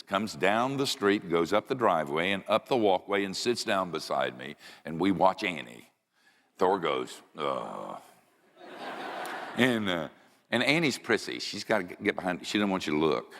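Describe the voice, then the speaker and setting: A man preaching a sermon in a large church, telling funny stories in an animated, jokey way that jumps up into high yells. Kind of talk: humorous sermon storytelling. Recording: long church reverb.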